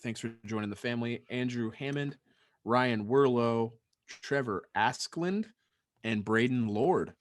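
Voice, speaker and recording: A man's voice: mid-range voice, measured pace, no echo. A man co-hosting a casual podcast over a video call, thanking patrons and teasing his co-hosts. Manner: laughs often, teasing. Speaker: podcast co-host. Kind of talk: casual chat. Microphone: remote video call.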